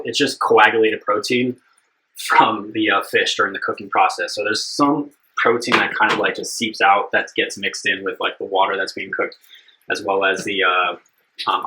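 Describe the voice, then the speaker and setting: Bright-voiced young man streaming a cooking show. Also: fairly low pitch, low-quality recording. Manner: rambling, upbeat, chatty with viewers, many fillers. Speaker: dietitian hosting a live cooking stream. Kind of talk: casual live-stream cooking chat.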